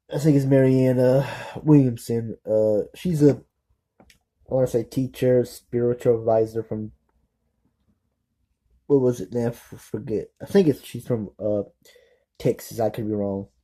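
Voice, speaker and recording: A man chats casually to his viewers in a deep, very dark tone. He talks haltingly, restarts often, and keeps apologizing for his slips. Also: low-quality recording. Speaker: political vlogger. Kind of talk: casual unscripted commentary.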